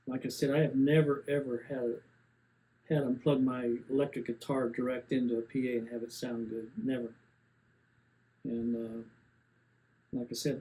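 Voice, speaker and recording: Plainspoken man in his seventies, mellow. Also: mid-range voice, low-quality recording. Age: 70s. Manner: plainspoken, rambling, many fillers and restarts. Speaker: gear reviewer. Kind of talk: casual rambling review.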